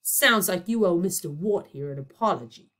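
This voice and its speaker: A woman voicing a huge, booming god posing as a dad, with an American accent. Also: expressive, moderate pace, fairly bright tone. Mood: jovial.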